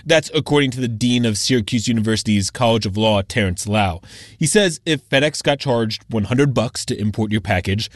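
A male radio reporter delivers a scripted news story in a measured, explanatory way. The sound is dry and close, with no room around it. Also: medium pitch, no room sound.

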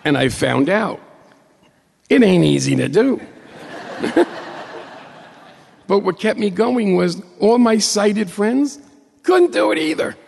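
Gravelly middle-aged man telling a story. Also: high-pitched, takes it slowly, pauses often, long reverb tail. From New York State. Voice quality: blind. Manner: humorous, self-mocking, building excitement. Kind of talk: personal story told to an audience.

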